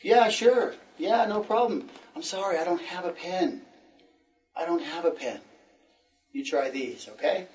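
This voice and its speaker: A man teaching an English lesson, encouraging and repeating phrases slowly for learners. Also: a little high, a little mellow, recorded from a distance, faint music behind.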